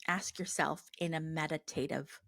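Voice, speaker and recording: A woman's voice: low-pitched, fairly even intonation, moderate pace, fairly bright tone, no room sound, clean studio sound. Earnest, rambling woman podcast host. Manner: rambling, earnest, lots of fillers and restarts. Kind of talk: casual listener Q&A.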